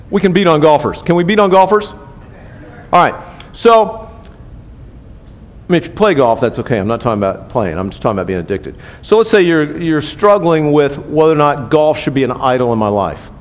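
Older man preaching in a reverberant hall. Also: medium pitch. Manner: conversational, asks the room questions, often tags "right?". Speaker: pastor. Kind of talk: sermon.

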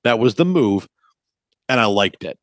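A man in his thirties, a podcast co-host, chatting casually and telling animated, profane stories. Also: on the low side, normal speed, no room sound.

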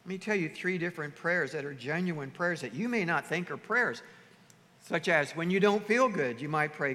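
Delivering a sermon at normal speed, a pastor preaches in a lively, animated style and acts out the voices of churchgoers. His high, bright voice rings with the long reverb of a hall.

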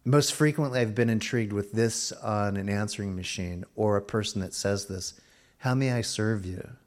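A middle-aged man preaching a sermon, slowing down for emphasis and dropping to a near hush at times. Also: on the low side. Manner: expressive preaching, slows for emphasis and drops to a hush. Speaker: pastor.

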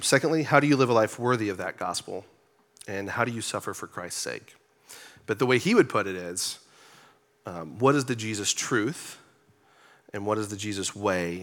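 A man with a fairly low voice delivers a sermon from a church stage. He keeps it loose and conversational, joking with the congregation and leaning on casual fillers. The pulpit talk sounds like everyday chat rather than formal oratory. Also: fairly bright tone. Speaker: pastor and church elder.

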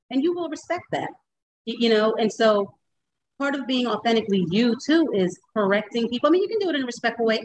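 A woman hosting a podcast, talking in a chatty, animated way and laughing often. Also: fairly high pitch, brisk, slight background noise, poor audio. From United States. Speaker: podcast host. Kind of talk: casual interview chat.

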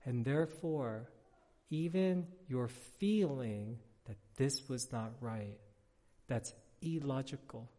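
A man's voice: medium pitch, takes it slowly. A man preaches in a loose, conversational way, sprinkling in fillers as he tells stories. His mid-range voice rings out with a long reverb, as if from a large church sanctuary. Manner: casual, animated storytelling with frequent filler words. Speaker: pastor. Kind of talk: conversational sermon.

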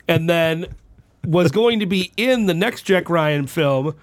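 A man's voice: fairly high pitch, animated, takes it slowly, no echo. A man co-hosting a podcast in casual chat, an enthusiastic fan who laughs easily. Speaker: podcast co-host.

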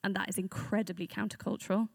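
A woman's voice: medium pitch, little pitch movement, fast talker, vocal fry, dry recording, clean studio sound. A woman giving a conversational sermon to a church group, earnest and reflective, speaking off the cuff.

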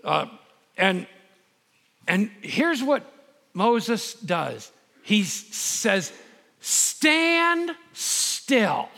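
A middle-aged man preaching a sermon as pastor, emphatic and building to loud peaks. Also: high voice, sing-song, extremely slow, creaky, long pauses, big-room sound.

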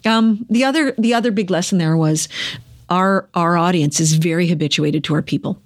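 Lively middle-aged woman telling stories. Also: on the low side, moderate pace. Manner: lively storyteller who acts out quoted dialogue; emphatic, repeats phrases for effect. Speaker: former news director, guest. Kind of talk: conversational interview storytelling.

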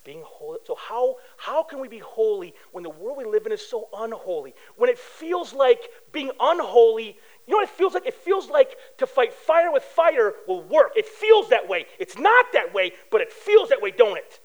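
High-voiced animated male pastor. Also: moderate pace, hardly any pauses, rough recording. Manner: casual and conversational, tells personal stories; animated, acts out quoted voices. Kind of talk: sermon.

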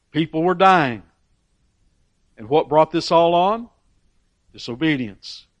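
A man's voice: on the high side, no room sound. A man preaching a sermon with emphatic rises on key phrases and frequent repeated words as he restarts. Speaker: pastor.

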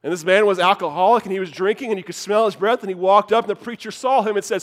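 A man preaching a sermon, telling a joke with animated storytelling and repeating key lines for emphasis. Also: sits high, fast, few pauses. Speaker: pastor.

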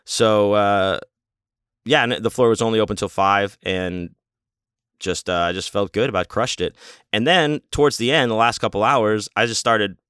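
A man's voice: fairly low pitch, moderate pace, fairly bright tone, clear, resonant tone, no echo, clean studio sound. A man casually telling a rambling, amused story with lots of fillers and restarts.

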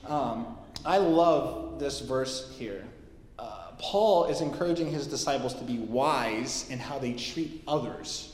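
Animated male preacher, echoey hall. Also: medium pitch, slow pace. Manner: casual, animated storytelling with quoted voices. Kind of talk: sermon with storytelling. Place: church hall. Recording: echoey hall, heard from a distance.

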